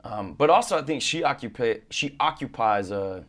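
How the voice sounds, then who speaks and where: A man answering interview questions in a thoughtful, measured way, explaining his ideas at length. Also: mid-range voice, expressive, fairly bright tone. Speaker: interview guest, actor and director. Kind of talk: casual interview.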